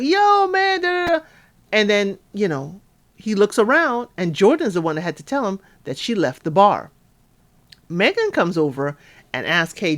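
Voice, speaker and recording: A woman giving a casual recap of a reality show, chatty and animated, acting out quotes with asides to listeners. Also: mid-range voice. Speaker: recap podcaster.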